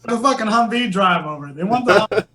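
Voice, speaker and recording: A man's voice: high-pitched, lively intonation, a little fast, bright, forceful tone, slight background noise, poor audio. A man in his thirties, an army veteran, telling war stories in a blunt, rambling, heavily profane way. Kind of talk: casual war storytelling.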